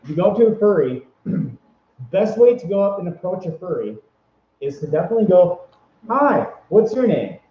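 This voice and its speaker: A man rambles cheerfully through casual advice, stumbling over his words and circling back. His voice sits a little high for a man. The sound is roomy and echoey, with a dull, lo-fi tone. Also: animated, brisk, long pauses. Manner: rambling, upbeat, many fillers and restarts. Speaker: vlogger giving convention tips.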